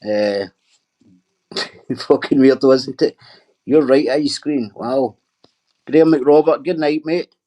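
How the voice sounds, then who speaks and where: A middle-aged man chats casually on his livestream, reading viewer comments aloud. He answers them with sweary, teasing banter. His voice sits at an ordinary pitch. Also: slow, long pauses, mellow.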